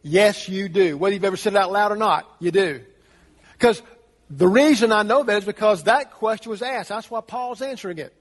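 Pastor, male, high voice; earnest sermon delivery full of rhetorical questions, recorded in a reverberant church hall. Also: fairly quick. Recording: long reverb of a large hall.

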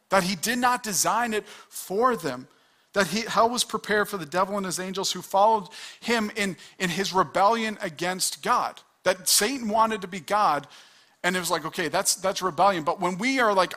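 The pastor's voice is high, bright, and forceful as he preaches. His sermon is earnest and conversational, marked by quick restarts and acted-out asides.

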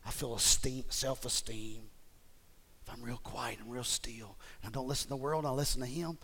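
A man preaching a sermon as pastor, moving between hushed whispers and loud, fervent exhortation, repeating phrases and stumbling over restarts. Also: medium pitch, fairly even intonation, normal speed, vocal fry, breathy edge.

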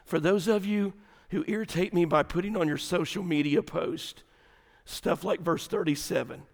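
A man, preaching an animated sermon full of comic stories, swinging from shouts to hushed lines. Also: sits high, normal speed. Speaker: pastor.

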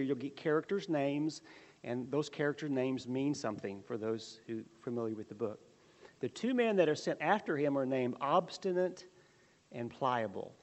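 A man's voice: a little high, a little mellow, big-room sound. A man leading a prayer and then teaching a Bible lesson in an earnest, conversational way.

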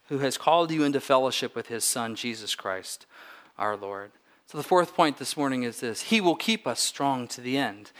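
A man's voice: medium pitch, a bit bright. A man preaching a Sunday sermon as pastor, earnest and emphatic, repeating and stressing key words to drive a point home.

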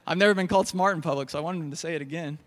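A man's voice: a little high, fast talker. A young man preaching a sermon in a church hall, telling jokey stories. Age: young adult. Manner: storytelling, jokey.

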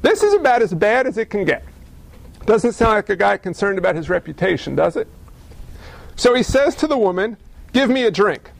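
A man delivers a sermon in a high, gravelly voice. He keeps it animated, mixing rhetorical questions with jokes. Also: a little fast, dry recording. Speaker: pastor.

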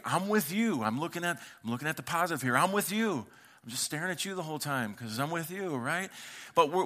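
Middle-aged pastor guy, funny storytelling sermon, bright punchy voice. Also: fairly high pitch. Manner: humorous storytelling, acts out dialogue. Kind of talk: conversational sermon.

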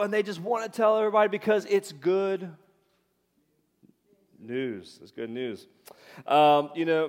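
A middle-aged man, preaching a sermon in a loose, conversational way with many fillers and asides to the congregation. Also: on the high side. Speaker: pastor. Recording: reverberant hall.

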